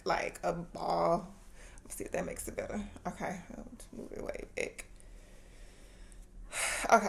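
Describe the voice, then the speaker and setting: Recorded on a built-in laptop mic at home, this Southern-accented vlogger has a slightly high, somewhat bright voice. Her casual talk to camera is candid and heartfelt, aimed at her viewers.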